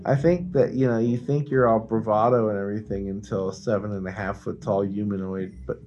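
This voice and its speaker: A man's voice: lowish voice, steady tone, fairly quick, highs cut off, over music. A man co-hosting a podcast in casual chat, sarcastic and profane in a dry way. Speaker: podcast co-host.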